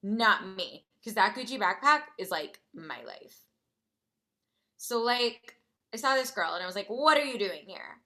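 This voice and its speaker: A woman with a bright, tense voice talks in a ditzy valley-girl way, with "like" in every breath. Her improvised comedy monologue swings widely in pitch. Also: expressive, measured pace. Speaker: improv performer.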